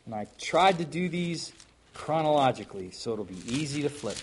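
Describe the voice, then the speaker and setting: A male preacher with a fairly high voice delivers a sermon, reading scripture aloud. He shifts between booming emphasis and hushed, folksy asides to his congregation. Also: expressive, normal speed, slight background noise. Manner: emphatic, swings between loud declaiming and quiet asides.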